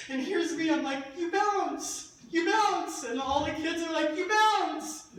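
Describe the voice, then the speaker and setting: A young woman with a high voice gives a passionate, animated keynote, drifting into laughing asides as she tells her story. She sounds well back from the microphone, and the large event hall wraps her in heavy echo. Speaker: keynote speaker. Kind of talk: emotional testimonial speech. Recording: echoey hall, voice from far off.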